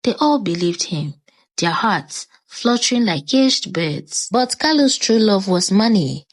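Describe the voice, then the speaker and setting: A woman storyteller narrating a scripted tale with dramatic flair. Her pitch roams widely around a mid-range voice. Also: lively intonation, measured pace.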